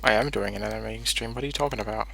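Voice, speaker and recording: A man's voice: lowish voice, very fast, gravelly, fairly bright tone, breathy edge. A man with an Australian accent hosting a casual livestream while he animates, with dry banter.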